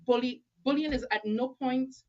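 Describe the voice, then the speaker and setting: A woman's voice: high-pitched, moderate pace, darkish tone, lo-fi sound. A woman in casual conversation, emphatic and opinionated, switching between English and French mid-sentence. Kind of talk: casual chat.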